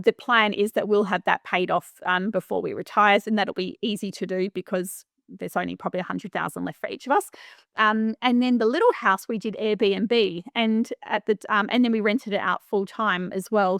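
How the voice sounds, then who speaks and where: A middle-aged woman from Western Australia with an Australian accent, a property manager chatting as a podcast guest, animated and full of fillers and restarts. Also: mid-range voice, no echo, studio quality. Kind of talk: casual interview storytelling.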